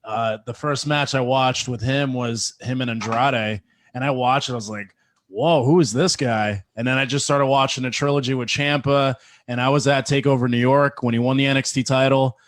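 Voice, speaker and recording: Earnest, halting man, dry close sound. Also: medium pitch, fairly even intonation, fairly bright tone, dry recording. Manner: earnest, halting storyteller with restarts and "like". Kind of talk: casual interview chat.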